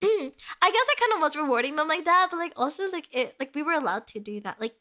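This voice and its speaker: A woman's voice: sits high, lively intonation, fast talker, bright, forceful tone. A young adult woman streamer in casual chat, answering viewer comments in a chatty, giggly way and filling her speech with "like".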